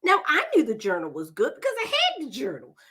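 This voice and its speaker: A woman's voice: on the high side, huge pitch swings, fast, a bit bright, slightly rough. A woman hosting a podcast, introducing her guest in a chatty, digressive way, often calling listeners "y'all.". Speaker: podcast host.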